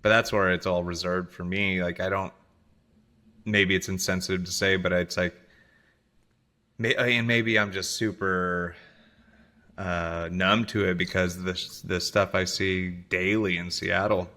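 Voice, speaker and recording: A man's voice: low voice, steady tone, unhurried, sharp tone. A man co-hosting a podcast, talking in a laid-back casual way and laughing often. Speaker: podcast co-host. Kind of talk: casual chat.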